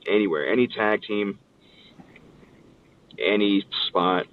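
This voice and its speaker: A pro wrestler guesting on an interview tells stories casually, animatedly acting out other people's quotes. His voice is on the low side at a moderate pace, heard over a distant, phone-like line with a little hiss or hum.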